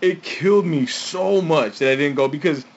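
A man's voice: a little high, moderate pace. A man co-hosting a casual podcast, telling stories and acting out quotes with frequent laughs. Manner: chatty storyteller, laughs often, acts out quotes. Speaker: podcast co-host. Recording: dull lo-fi sound.

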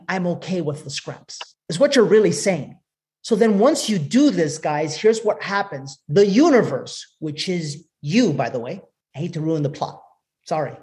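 A man teaching a live group as a business coach, telling stories in an animated way and speaking straight to his audience. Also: high voice.

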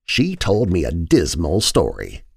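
A man's voice: sits low, huge pitch swings, measured pace, creaky, darkish tone, husky, no room sound, studio quality, full character voice. A man voicing an older woman servant telling an old story. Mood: reminiscing.

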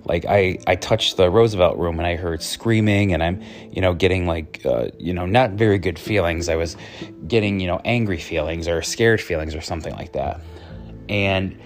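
Deep-voiced man telling a rambling story. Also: normal speed, soft background music. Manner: chatty, rambling, lots of fillers. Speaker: psychic medium host. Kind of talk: casual storytelling.

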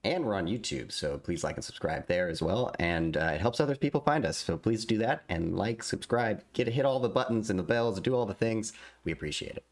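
A man co-hosting a podcast, upbeat and quick to laugh in casual chat. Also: on the low side, expressive. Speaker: podcast co-host.

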